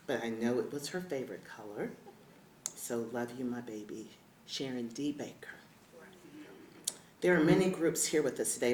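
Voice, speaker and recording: A middle-aged woman giving a heartfelt acceptance speech at a podium, emotional and warm with laughing asides. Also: low-pitched, slight background noise. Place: large event hall. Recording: echoey hall with faint ambience.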